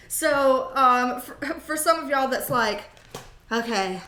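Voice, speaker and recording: A tarot reader with a high voice does a casual live reading, chatty and jokey, swearing freely and drifting from one aside to the next. She takes it slowly, her tone pushed and bright, and her voice bounces around an echoey room.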